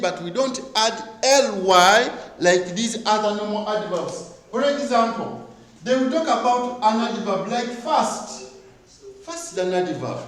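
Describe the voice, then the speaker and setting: A man's voice: sits high, roomy sound, a little hiss or hum, low-quality recording. A male teacher giving an exam review lesson, asking rhetorical questions and repeating key words for emphasis.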